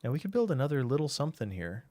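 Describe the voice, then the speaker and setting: A man's voice: medium pitch, sing-song, rapid-fire, a little mellow, dry recording. A man streaming a game, chatting casually and thinking aloud while he answers chat.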